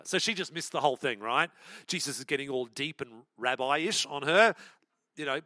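A man preaching a sermon, telling a Bible story in a chatty, animated way with asides. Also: mid-range voice, normal speed, dry recording. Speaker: pastor.

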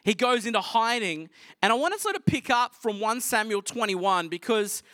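A male preacher retells a scripture story in a lively, casual storytelling manner. His voice sits high and bright. The sound is close and dry. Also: normal speed, no echo. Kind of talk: sermon.

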